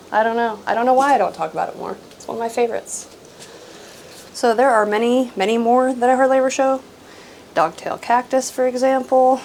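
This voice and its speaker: A woman hosting a casual houseplant show-and-tell at home, rambling with frequent "um"s and soft laughs, sometimes drifting away from the camera. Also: a little high, slight background noise, poor audio. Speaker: houseplant channel host. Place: at home among houseplants, indoors. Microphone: camera she sometimes walks away from.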